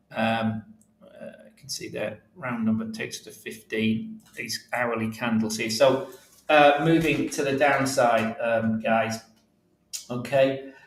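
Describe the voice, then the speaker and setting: Man giving halting live market commentary. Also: mid-range voice, fairly bright tone. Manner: halting, many fillers, talks to viewers while searching charts. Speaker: market analyst. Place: office workstation. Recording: roomy, sometimes away from the mic.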